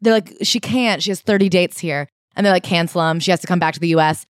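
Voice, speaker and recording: A woman's voice: lowish voice, fast, no echo, clean studio sound. A woman co-hosting a casual chat, telling a story with emphasis and reading passages aloud. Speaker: podcast co-host.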